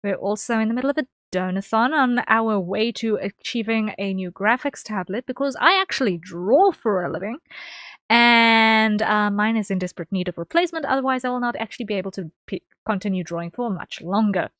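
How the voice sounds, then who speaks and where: Woman streamer from the UK, casual rambling chat to viewers, repeats herself a lot, dry close desk mic, mid-pitched. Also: normal speed, a bit bright, no echo. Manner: chatty, rambling, with many ums and repeats.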